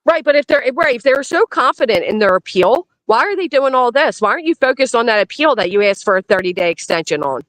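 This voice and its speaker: A woman's voice: on the high side, very animated, fast talker, few pauses, a bit bright, no echo, low-quality recording. Blunt woman streamer, dry sound. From Pennsylvania. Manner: blunt, emphatic, repeats warnings. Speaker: commentary streamer. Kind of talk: casual live-stream commentary.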